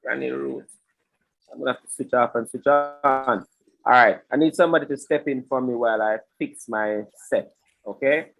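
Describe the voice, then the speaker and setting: A man's voice: medium pitch, moderate pace, creaky, fairly bright tone, poor audio. A man hosting a live online webinar, chatty and improvising through technical trouble, his audio breaking up over a computer mic. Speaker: webinar host. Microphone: computer mic on a video call. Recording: broken-up online call audio.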